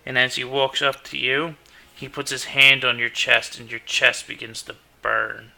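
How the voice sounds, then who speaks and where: Male game master, slow and gravelly, bright edgy tone, relaxed narration. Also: medium pitch. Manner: unhurried narration with restarts and fillers.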